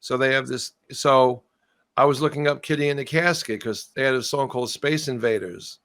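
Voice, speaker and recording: A man's voice: medium pitch, moderate pace, a bit bright, no room sound, studio quality. A man telling a long story in a casual interview, often trailing off and starting his sentences over. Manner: rambling, trailing off and restarting. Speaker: guest musician.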